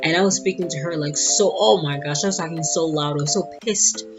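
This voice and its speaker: Sassy low-voiced woman telling a story. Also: moderate pace, few pauses. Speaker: vlogger. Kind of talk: casual storytime monologue. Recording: dull lo-fi audio with guitar music.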